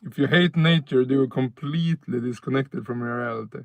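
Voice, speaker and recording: Outdoors at night, a man from northern Sweden chats casually on a live stream in a Swedish accent, laid-back and rambling, full of fillers and self-corrections. His voice is mid-range at a moderate pace, with no echo.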